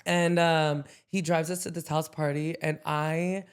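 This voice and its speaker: A man's voice: fairly high pitch, flat delivery, measured pace, clean tone. A young man co-hosting a podcast, chatting casually through a personal story with many fillers and frequent laughs. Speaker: podcast co-host.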